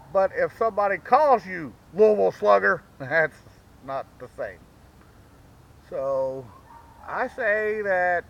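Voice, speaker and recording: A man hosting a vlog, rambling through a profane, self-mocking comedic monologue. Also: high-pitched. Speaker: vlog host. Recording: dull lo-fi recording with faint background noise.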